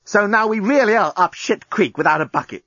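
Give me a man playing a young woman, impatient and insistent, in a high husky voice. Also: expressive, a little fast, fairly bright tone, dry recording, dull audio, heavily acted. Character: sharp-tongued young woman, impatient and curious.

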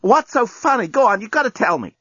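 A man voicing an impatient, curious young woman, speaking high and insistently. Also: sing-song, brisk, bright, forceful tone, husky, dry recording, lo-fi sound, heavily acted.

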